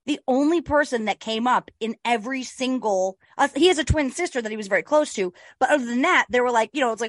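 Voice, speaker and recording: A woman's voice: fairly high pitch, quick pace, few pauses, no echo. A woman co-hosting a podcast, chatting casually and animatedly about a true-crime case, swearing and restarting often. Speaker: podcast co-host.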